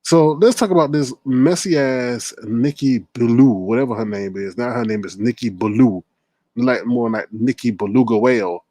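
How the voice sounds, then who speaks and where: A man's voice: medium pitch, mellow, no echo. A man hosting a live-stream commentary show, talking in a chatty, opinionated way. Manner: chatty, opinionated, quick to laugh. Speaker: host.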